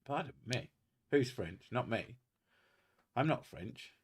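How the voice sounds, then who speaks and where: A man's voice: medium pitch, lively intonation, takes it slowly, slightly rough. A man from England hosting a casual livestream, reading viewer comments aloud with jokes, swearing and frequent laughter. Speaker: host reading viewer chat.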